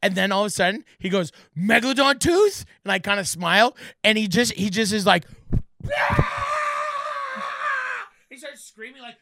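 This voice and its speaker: A middle-aged man co-hosting a casual podcast chat, telling stories with lively acted-out voices. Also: sits high, fast, few pauses, heavy background noise. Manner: animated storyteller, acts out voices loudly. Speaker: podcast co-host.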